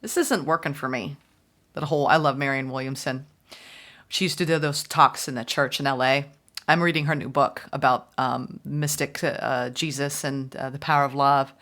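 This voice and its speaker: A woman's voice: very deep voice, flat delivery, normal speed, fairly bright tone. A woman giving a casual, chatty tarot reading, musing aloud and voicing the viewer's thoughts. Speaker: tarot reader.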